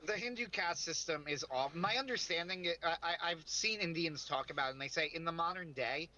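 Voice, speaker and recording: A man co-hosting a laid-back livestream, his voice bright and a little high as he rambles, restarts his sentences and laughs along the way. The stream audio is dull and lo-fi. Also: a little fast. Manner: rambling, self-interrupting, laughs often. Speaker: podcast co-host. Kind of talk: casual livestream chat.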